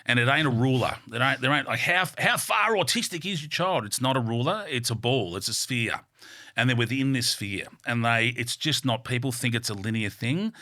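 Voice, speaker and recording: A man with an Australian accent tells candid, animated stories as a studio interview guest. His voice is bright and forceful, and he speaks bluntly with plenty of swearing. The sound is dry and close, with no room echo. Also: medium pitch, normal speed. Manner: blunt, swears freely, animated with vivid metaphors. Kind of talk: candid storytelling in a podcast interview.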